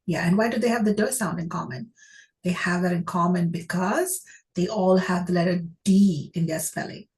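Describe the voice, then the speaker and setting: A woman's voice: fairly low pitch, moderate pace, a little mellow, low-quality recording. A woman teaching a phonics lesson, who asks her class questions and praises each answer.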